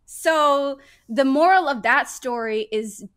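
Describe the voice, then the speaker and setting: A young adult woman, a painter talking as a guest in a casual podcast conversation, animated, laughing often and swearing freely. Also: high-pitched, slow pace.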